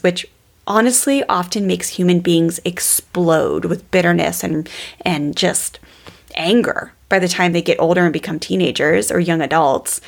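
A woman's voice: mid-range voice, vocal fry. A woman hosting a parenting podcast in a casual, enthusiastic way, often speaking straight to her listeners. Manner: enthusiastic, chatty, addresses listeners as "you guys". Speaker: podcast host and parenting coach.

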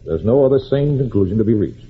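A smug, curt district attorney. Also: male voice, fairly low pitch, expressive, fast talker, husky, faint music behind. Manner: curt and self-assured. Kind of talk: 1940s radio acting. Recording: tinny old radio broadcast.

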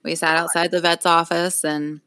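A woman's voice: lowish voice, flat delivery, moderate pace, fairly bright tone, smooth, dry recording, studio quality. A middle-aged woman co-hosting a podcast, telling a story in casual chat, laughing often and acting out what others said. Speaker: podcast co-host.

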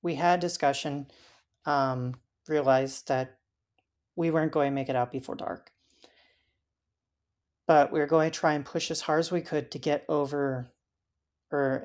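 A woman as an interview guest, telling her story in a halting way with frequent fillers. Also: rumbling low, gravelly, a little mellow. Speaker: interview guest recounting a hike.

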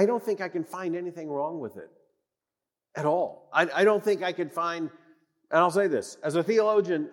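A man preaches in a church with a fairly high voice. He is emphatic and repeats key phrases, dropping to a near hush and then rising again. His voice carries a long reverb through the hall. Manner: emphatic, repeats phrases for weight, swings from loud to hushed. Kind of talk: sermon.

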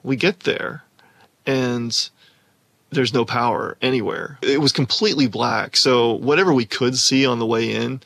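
A man telling a personal story in an animated way, often laughing as he talks. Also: medium pitch, measured pace, creaky, no room sound.

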